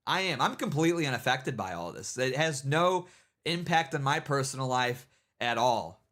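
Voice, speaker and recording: A man's voice: medium pitch, animated, moderate pace, fairly bright tone. Mocking, rambling male livestream host. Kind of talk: casual livestream commentary.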